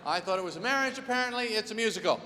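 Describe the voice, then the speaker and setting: A man doing stand-up on a concert hall stage, his voice high, bright and swooping. His delivery is exasperated and incredulous. The board recording carries a faint hall reverb. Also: animated, very fast, a little hiss or hum. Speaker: stand-up comedian. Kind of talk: live stand-up routine. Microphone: soundboard feed from a stage mic.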